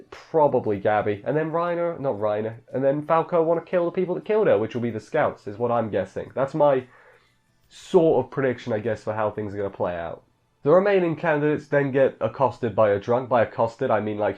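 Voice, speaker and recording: A man's voice: on the low side, a little mellow, highs cut off. A man casually recapping an anime episode in a rambling, offhand way, full of fillers. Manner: rambling, offhand, filler-heavy, mimics characters in quotes. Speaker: anime reviewer.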